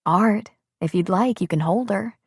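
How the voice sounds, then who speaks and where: A woman voicing a kind young mother who speaks gently and patiently. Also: mid-range voice, measured pace, breathy edge, no echo, studio quality, pitched above the performer's own voice. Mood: gentle.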